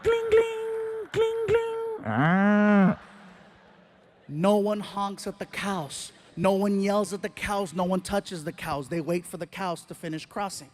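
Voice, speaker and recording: A man doing stand-up before a live audience, telling an animated story and acting out the scenes. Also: high voice, normal speed, hardly any pauses, a little hiss or hum. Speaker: stand-up comedian. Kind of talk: stand-up routine.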